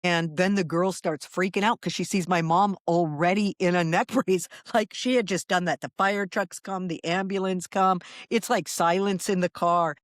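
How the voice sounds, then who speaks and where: A woman's voice: on the low side, fairly even intonation, moderate pace, few pauses, dry recording, studio quality. A woman co-hosting a podcast, telling a family story with wry, laughing asides. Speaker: podcast co-host. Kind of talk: casual storytelling chat.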